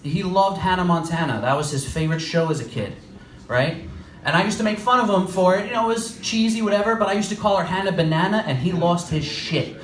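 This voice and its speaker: A young man with a New York accent works through a stand-up set, his voice set high for a man. He throws himself into the quoted lines with animated energy. The sound comes from off the mic, with the echo of a small comedy club around it. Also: brisk, far from the mic, a little hiss or hum.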